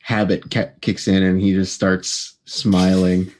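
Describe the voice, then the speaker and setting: A man narrates his character's actions in a tabletop game, stopping often and filling gaps as he thinks. His voice sits low, and his pace is slow. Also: flat delivery, a little mellow. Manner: halting, with many fillers.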